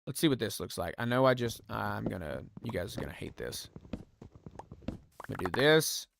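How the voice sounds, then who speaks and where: In live building-game commentary, a streamer with a fairly low, gravelly voice thinks aloud casually, pokes fun at himself, and chats with his audience. He's very animated at a moderate pace; music plays behind him and the background is noisy.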